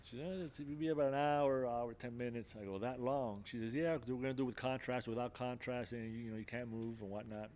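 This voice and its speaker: A man's voice: medium pitch, steady tone, fast, few pauses, darkish tone, slight background noise. An older man, a podcast guest, earnestly recounting a personal experience in conversation, with many restarts and filler phrases. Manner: earnest storytelling, many restarts and "you know".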